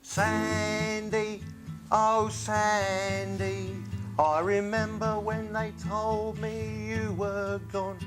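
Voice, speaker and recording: A man playing an earnest, self-pitying folk singer in a comedy sketch, halting and emotional between sung verses. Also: sits high, level tone. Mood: mournful singing. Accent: English. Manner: mournful, hesitant, emotional. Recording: live stage recording with guitar.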